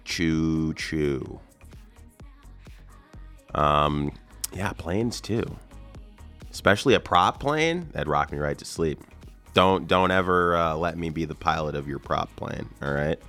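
Brief: very low, gravelly male radio co-host, loose rambling jokes, studio mic. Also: animated, a little slow, pushed and bright, soft background music. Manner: rambling, joking, self-deprecating. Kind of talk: casual banter.

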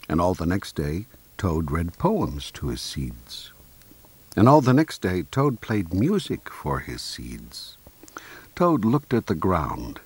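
A man reading a children's storybook aloud in a slow, clear, expressive way. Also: deep voice, dry recording.

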